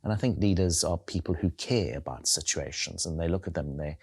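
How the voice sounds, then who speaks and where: Low, husky man with a softened South African accent; a reflective guest who circles back on his words. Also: fairly quick. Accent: South African, softened by years in New Zealand. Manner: thoughtful, repeats words while searching for phrasing. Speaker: guest, leadership coach and theologian. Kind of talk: conversational interview.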